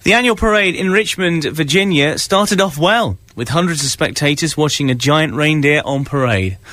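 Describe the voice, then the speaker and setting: A man's voice: on the high side, expressive, moderate pace, a bit bright, no echo. A man from England, hosting a breakfast radio show and teasing his co-host while reading news in mock-dramatic tones. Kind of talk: casual radio banter.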